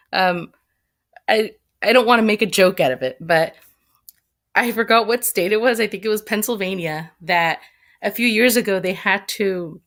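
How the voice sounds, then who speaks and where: A woman hosts a livestream, chatting loosely and reading out viewer comments as she rambles. Her voice is medium in pitch with a fairly bright tone, and the talk is casual live commentary.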